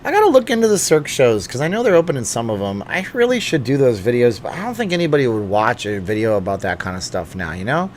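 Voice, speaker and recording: This livestream host, medium-pitched and very animated, talks quickly with few pauses, joking around and reading viewer comments out loud. He's in a home studio with hot lights, using a studio mic, and a little background noise comes through.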